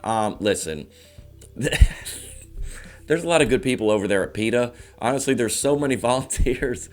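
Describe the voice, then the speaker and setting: A man in his thirties hosting a comedy show, ranting fast to camera and slipping into mock voices. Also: mid-range voice, soft background music. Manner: rapid, animated rants with mock voices. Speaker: comedian host.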